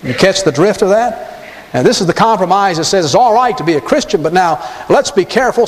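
A male pastor delivers a sermon with emphatic stresses and repeated questions to the congregation. His voice sits high and rises and falls dramatically. A long reverb hangs in the hall around him. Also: animated, fairly quick.

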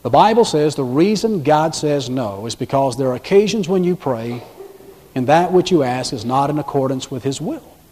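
A man's voice: fairly high pitch, expressive. Preacher man in a reverberant hall. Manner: dramatic swings between loud emphasis and hushed, slow delivery. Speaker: pastor. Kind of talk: sermon.

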